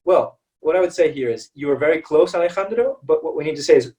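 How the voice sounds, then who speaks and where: A man's voice: on the high side, fast talker, few pauses, darkish tone, far from the mic, low-quality recording. An American man teaching English in a live webinar, talking in a chatty way and often checking in with "all right" and "okay".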